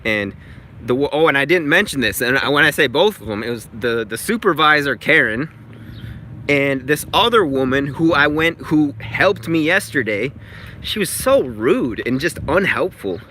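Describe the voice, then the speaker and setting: A man's voice: mid-range voice, expressive, normal speed, sharp tone. A man telling a story in a casual vlog, chatty and exasperated, swearing freely, recorded outside near traffic. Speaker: vlogger.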